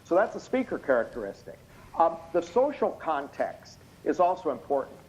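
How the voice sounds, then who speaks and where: A tired, slightly hoarse man giving expert courtroom testimony over a video call, explaining things in a measured way with many hesitant fillers. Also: fairly high pitch, big pitch swings, darkish tone. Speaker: expert witness. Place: indoor room at night. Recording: muffled video call audio.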